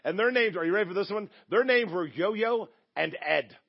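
High, gravelly male pastor, jokey sermon. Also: animated, normal speed, dull audio. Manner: chatty, jokey, acts out quoted voices. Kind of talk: humorous sermon storytelling.

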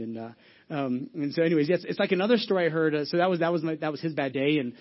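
A pastor delivers his sermon in a loose storytelling way, often stopping and restarting his sentences. His voice sits a bit high for a man. The church recording is dull and lo-fi. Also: quick pace. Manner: storytelling, casual, many restarts and asides.

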